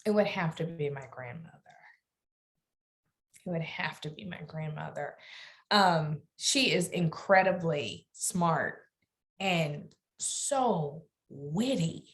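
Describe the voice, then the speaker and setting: Middle-aged woman, Southern US accent, unhurried measured delivery, earnest interview talk. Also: sits low, expressive. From Alabama. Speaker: guest lawyer. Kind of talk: interview conversation.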